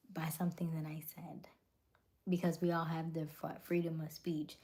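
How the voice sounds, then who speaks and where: A woman hosting a casual livestream, chatting with viewers and greeting them by name, often sliding into a soft near-whisper. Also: fairly low pitch. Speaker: livestream host.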